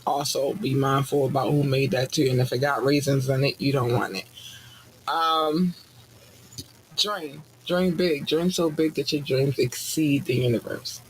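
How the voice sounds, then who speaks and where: The recording is rough, with slight background noise, as a medium-pitched man talks at a measured pace. He's a podcast host on a casual, profane rant that becomes a mock sermon with animated, preachy asides.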